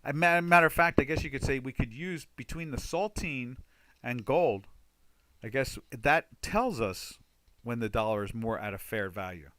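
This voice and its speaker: A man's voice: mid-range voice, lively intonation, moderate pace, a bit bright, no room sound. An older man hosting a trading webinar, chatting loosely about charts with many fillers and restarts. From United States. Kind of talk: casual market commentary over charts.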